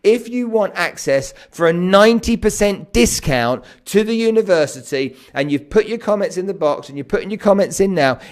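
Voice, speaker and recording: An energetic man, hosting a live stream to viewers and often checking in with "okay?". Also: high-pitched, moderate pace, hardly any pauses. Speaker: host.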